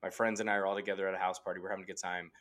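A man's voice: sits low, little pitch movement, rapid-fire, a bit bright. A man in his late twenties, a podcast guest telling a personal story in a rambling, earnest way full of "like" fillers. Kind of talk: casual storytelling. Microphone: remote call microphone.

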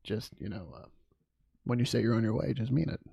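A man co-hosting a podcast in casual chat, teasing and giggly, retelling movie scenes with lively energy. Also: mid-range voice, brisk, creaky, husky, dry recording, studio quality. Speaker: podcast co-host.

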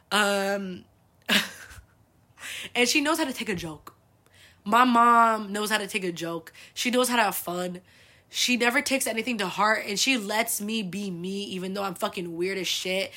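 Bright-voiced young woman telling stories. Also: medium pitch, normal speed. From United States. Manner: chatty, swears freely, lots of fillers. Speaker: host. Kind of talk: casual storytelling monologue.

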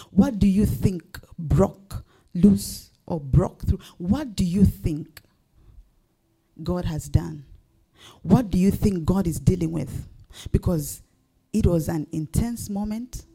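A woman's voice: fairly low pitch, creaky, mellow, husky. A woman pastor preaching a sermon, building up to emphatic rising questions.

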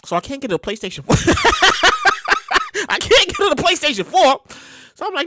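A woman hosting her show and telling a comic story, animated and profane, repeating herself for effect. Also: extremely high pitch, moderate pace, heavy background noise. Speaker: show host.

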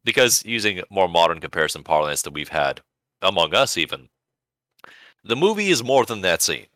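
A man co-hosting a casual podcast, sardonic and well-spoken. His voice sits very low but swings widely in pitch. The tone is bright and forceful, recorded dry and close. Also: big pitch swings, normal speed, dry recording. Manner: wry, articulate, sardonic. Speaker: podcast co-host. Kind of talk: casual chat.

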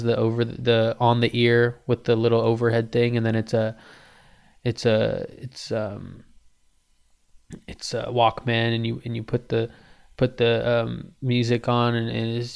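A man's voice: medium pitch, creaky, clean tone. A young man hosting a podcast, telling a loose, profane comic story with lots of restarts.

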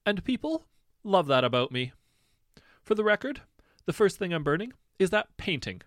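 A man voicing a flamboyant, self-pitying prince in his twenties, theatrical and loud. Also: mid-range voice, very animated, brisk, no room sound, clean studio sound. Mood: melodramatic. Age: 20s. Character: flamboyant, whiny young prince, melodramatic.

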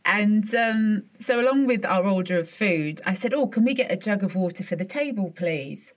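A woman co-hosting a podcast chats casually in a mid-range voice at a moderate pace. She tells stories in an animated way and laughs often.

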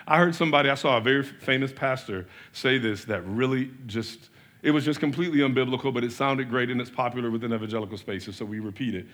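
A pastor preaching a sermon in an animated way, asking rhetorical questions and swinging between loud and soft. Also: male voice, mid-range voice, fast talker.

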